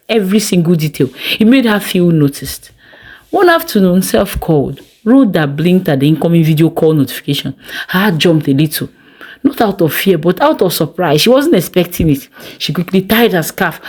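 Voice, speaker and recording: A woman narrating a scripted story in a measured, gently expressive way. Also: lowish voice. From Nigeria.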